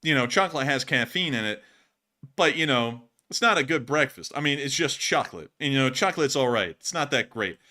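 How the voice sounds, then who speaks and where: A man's voice: medium pitch, expressive, a little fast, pushed and bright. A man from the United States hosting casual war news commentary, chatty and laughing often.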